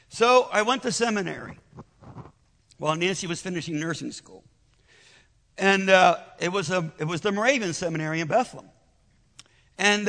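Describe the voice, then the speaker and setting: A man's voice: high-pitched, gravelly, pushed and bright, in a large hall. An older man preaching a sermon in a conversational, persuasive way, telling his own story and restarting his words often.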